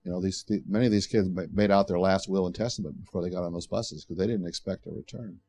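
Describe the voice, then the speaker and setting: An older man speaks at a bookstore book talk with a low voice. He tells his story in a loose, conversational way, doubling back and restarting his sentences and filling gaps with "you know.". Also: fairly even intonation, fast talker, mellow. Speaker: author giving a book talk. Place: bookstore event space.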